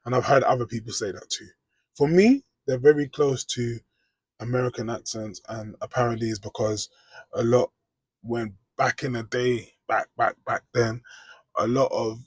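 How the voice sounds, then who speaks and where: A man's voice: medium pitch, steady tone, moderate pace, slightly rough, dry recording. A British man, chatting casually in a rambling reaction vlog. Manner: chatty, rambling, frequent "do you know what I mean". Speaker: vlogger.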